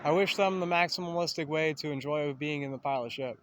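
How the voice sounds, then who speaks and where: A man rambles outdoors in a casual monologue, cursing freely and circling back on himself with self-aware asides. His voice sits a little high for a man, and faint traffic hums behind him. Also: fast, a bit bright. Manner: profane, meandering, self-aware.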